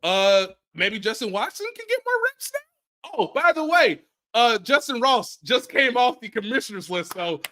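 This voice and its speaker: An American man co-hosting a casual sports podcast, animated, repeating phrases and acting out players' quotes. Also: very high voice, moderate pace. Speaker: sports reporter and podcast co-host.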